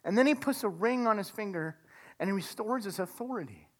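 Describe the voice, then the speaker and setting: A woman preaching a sermon, retelling a story dramatically and dropping to a hush for emphasis. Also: mid-range voice, lively intonation, fairly quick. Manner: dramatic retelling, acting out the characters' lines.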